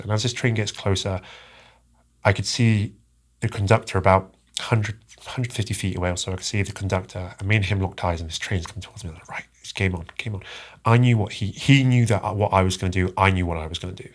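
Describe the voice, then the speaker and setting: A man telling a personal story as a podcast guest, halting and earnest, often repeating his words. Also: low voice, steady tone. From England.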